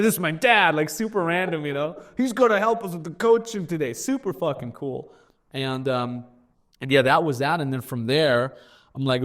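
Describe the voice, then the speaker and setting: A man speaking as a guest on a podcast. He tells stories candidly in a blunt, profane way and often repeats words as he goes. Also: mid-range voice. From Austria. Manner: blunt and profane, with frequent repetitions. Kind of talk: candid storytelling in podcast conversation.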